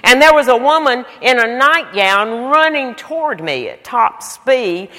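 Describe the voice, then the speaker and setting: A middle-aged woman preacher telling a story in her sermon with emphatic, animated delivery. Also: on the high side, measured pace. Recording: long hall reverb.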